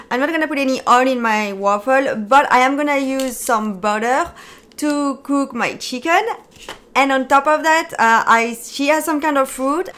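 A woman's voice: fairly high pitch, fairly bright tone. A woman with a French accent, chatting upbeat through a casual cooking vlog with frequent ums. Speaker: vlogger.

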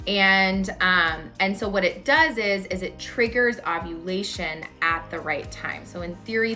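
A woman's voice: fairly low pitch, sharp tone. A woman in her thirties talking candidly to camera in a personal vlog at home, chatty and full of "like". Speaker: vlogger.

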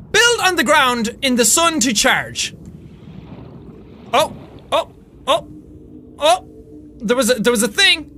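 A young Irish man in his twenties giving loud, excitable let's-play commentary, swearing often and yelling with excitement. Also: extremely high pitch, unhurried, pauses often, a little hiss or hum. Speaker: gaming YouTuber.

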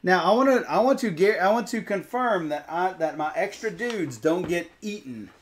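A man's voice: high voice, animated, moderate pace, a little hiss or hum. A man playing a board game on a livestream, teasing his co-host playfully and thinking his moves through aloud. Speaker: co-host and fellow player. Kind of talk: casual livestream chat while playing.

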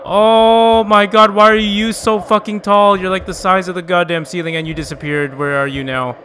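A man's voice: high voice, steady tone, normal speed, sharp tone, a little hiss or hum. Jumpy swearing male game streamer. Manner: jumpy, swearing, shrieks when startled; talks to his chat. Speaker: gaming streamer. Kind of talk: live gameplay reaction.

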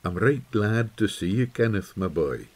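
A man's voice: on the low side, lively intonation, normal speed. A man voicing an old shepherd who speaks earnestly in a folksy dialect, in an audiobook. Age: older. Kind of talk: audiobook character voice.

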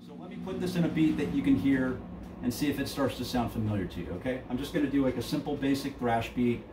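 Speaking quickly in a mid-range voice, a middle-aged drum teacher runs a loose, casual lesson in his studio, using many fillers and counting the beats aloud. A distant mic in an echoey room picks him up with noticeable noise.

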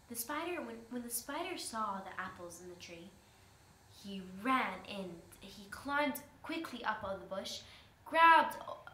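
A woman's voice: mid-range voice, sharp tone. A woman student telling a folk tale aloud to her class, restarting and stumbling now and then. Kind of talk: storytelling to a class. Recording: echoey room, faint hiss.

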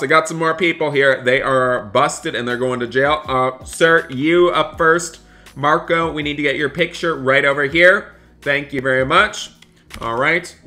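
A man's voice: mid-range voice, sharp tone. A man playing a police deputy in a game role-play, barking commands and repeating his disbelief in an exasperated way. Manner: repeats stock phrases in disbelief.

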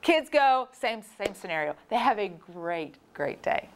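A woman from Florida giving a storytelling talk, animated and acting out the voices of people in her story. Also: mid-range voice, a little slow. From Florida, USA. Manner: animated, acts out quoted voices. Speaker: speaker.

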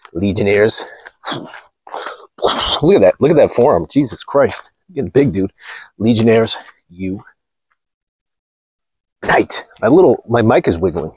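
A man rambles bluntly to his camera in a casual monologue, swearing as he goes. His voice is a little husky, with a lively rise and fall. It sounds dry and close, with no room echo. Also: lowish voice. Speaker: channel host.

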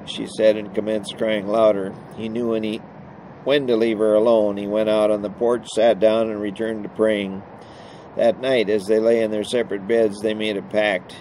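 A man narrates a novel in a steady, plain storytelling manner. His voice is low and mellow. Faint background noise runs under the reading. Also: normal speed, poor audio. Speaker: audiobook narrator.

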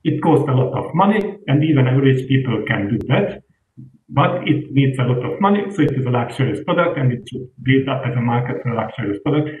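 A man's voice: medium pitch, lively intonation, slight background noise. Man on a tinny, echoey call line. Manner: halting, searching for words. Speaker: panelist. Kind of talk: online roundtable discussion. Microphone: video call. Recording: tinny distant call audio in an echoey room.

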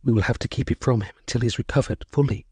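A man reading the lines of hospital nurses, who speak in hushed voices and then gasp in fright, in a storybook. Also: medium pitch, quick pace, breathy edge, no room sound.

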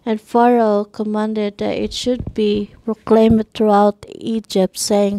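A woman reading scripture aloud in a steady, measured way, with archaic wording. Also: mid-range voice, no room sound. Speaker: scripture reader.

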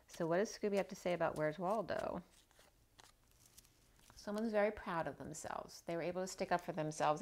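A woman with a fairly low voice gives a loose, rambling tarot reading. She circles back on her words and keeps checking in with the listener. Her tone is casual and conversational. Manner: rambling, repeats herself, frequent "right?" check-ins. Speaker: tarot reader.

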